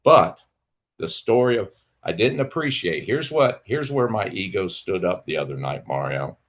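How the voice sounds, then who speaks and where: A fairly low-pitched man speaks into a livestream mic. He rants at a rival in a heated, profane, sarcastic way. His outbursts jump high and loud, then drop to low mutters. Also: lively intonation, moderate pace. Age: adult with children. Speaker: livestream host. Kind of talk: angry rant to a rival.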